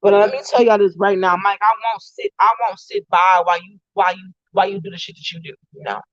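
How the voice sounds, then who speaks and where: A woman goes off on a live stream, heated and cursing, circling back to the same insults over and over. Her voice sits at an ordinary pitch, and the sound is dry and a little dull, with no room around it. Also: steady tone, fast talker, no echo. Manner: heated, repetitive, profane ranting. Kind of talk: angry ranting live stream.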